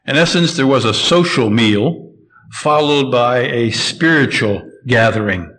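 A man's voice: medium pitch, fairly bright tone, low-quality recording. Emphatic man preaching a sermon. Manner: measured and emphatic, slowing to stress key phrases. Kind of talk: expository sermon.

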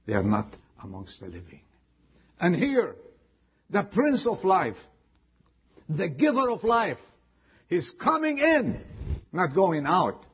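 A husky-voiced man preaches slowly, drawing out phrases with long dramatic pauses. His pitch swings widely, rising high and dropping low for emphasis. The sound is dull and lo-fi. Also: wildly swooping pitch. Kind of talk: sermon.

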